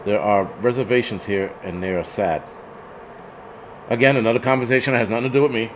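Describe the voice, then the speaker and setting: A man's voice: medium pitch, steady tone, fast talker, a little hiss or hum. A man hosting a casual livestream, reading chat comments aloud and ranting bluntly with plenty of profanity.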